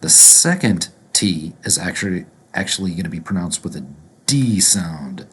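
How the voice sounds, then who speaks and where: Male teacher, deep husky voice, slow and deliberate, repeats words for learners. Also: animated, fairly bright tone. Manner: deliberate, repeats each word slowly. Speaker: pronunciation teacher. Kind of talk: slow instructional explanation.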